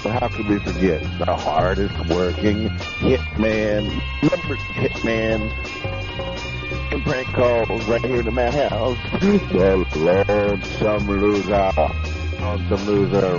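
Low-ish guy hosting a goofy radio show, rambling shoutouts, muffled with music under. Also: steady tone. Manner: rambling, jokey, drawn-out. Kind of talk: comedy radio show outro. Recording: dull lo-fi internet radio with music.

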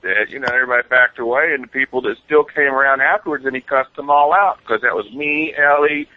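A man's voice: medium pitch, fast. A man calling into a casual radio chat, telling a story in loose, slangy speech. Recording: dull lo-fi line.

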